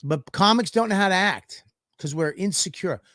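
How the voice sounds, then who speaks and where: A man's voice: sits high, lively intonation, moderate pace, fairly bright tone, dry recording, clean studio sound. A man, a comedian and podcast host, telling stories in a profane, ranting way in casual chat.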